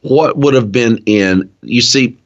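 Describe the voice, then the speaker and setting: A man with an East Tennessee accent co-hosting a casual Bible study, talking in an earnest, drawn-out preaching cadence. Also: medium pitch. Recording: dull lo-fi sound.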